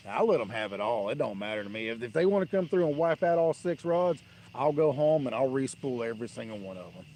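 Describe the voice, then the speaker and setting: A man's voice: medium pitch, big pitch swings, quick pace, mellow, a little hiss or hum. A man hosting a fishing livestream, telling rambling, blunt stories in a dismissive tone from a riverbank at night. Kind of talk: casual live-stream rant.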